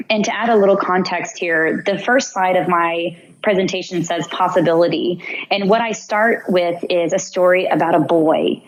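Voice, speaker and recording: A woman's voice: lowish voice, rough recording. Young woman telling a vivid story. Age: young adult. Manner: vivid narration, acts out her own inner voice. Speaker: podcast guest, founder. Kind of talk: personal storytelling in an interview.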